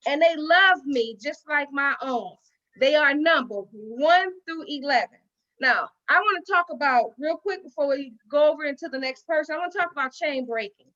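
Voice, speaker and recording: At a dinner venue, a middle-aged guest speaker shares a heartfelt personal speech with a women's gathering. Her voice sits high and sounds bright and forceful at a normal speed, and she tells folksy stories, acting out quotes and repeating herself; the recording is dull and lo-fi.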